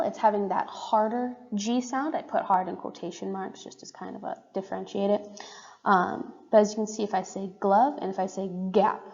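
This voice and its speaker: A young woman student talks through a class presentation in a relaxed, explanatory way, leaning on "um" and "uh" as she goes. The recording is dull and muffled, and her voice rings with a long reverb, as if she were in a big room. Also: mid-range voice. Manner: casual, explanatory, with frequent fillers.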